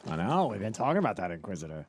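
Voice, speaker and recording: Lively, excitable male game streamer. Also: on the low side, very fast, a little hiss or hum. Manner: loose and excitable, swears, thanks chat, riffs on ideas. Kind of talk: casual live-stream chat while gaming.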